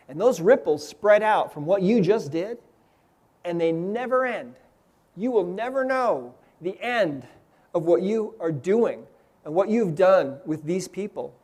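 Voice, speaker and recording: A man's voice: high-pitched, expressive, a little slow, darkish tone. A man giving an inspirational seminar talk, telling a story earnestly and often checking in with the audience. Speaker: seminar speaker. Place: seminar room with live audience.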